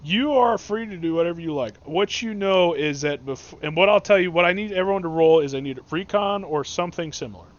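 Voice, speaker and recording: A man's voice: on the high side, lively intonation, fairly quick, hardly any pauses. A man narrating as game master of a tabletop game, in casual, rambling speech over an online voice chat. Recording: dull lo-fi recording.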